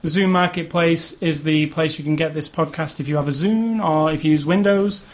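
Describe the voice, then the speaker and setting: A man's voice: a little high, normal speed, hardly any pauses. A man hosting a podcast, making dry teasing asides and reading out the show's sign-off. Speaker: podcast host. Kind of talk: casual chat, show wrap-up.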